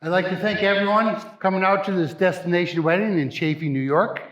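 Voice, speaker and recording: A man's voice: high-pitched, a little fast, a bit bright, slight background noise. A man, the father of the bride, giving an emotional wedding toast, crying and stumbling over his words. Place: wedding reception.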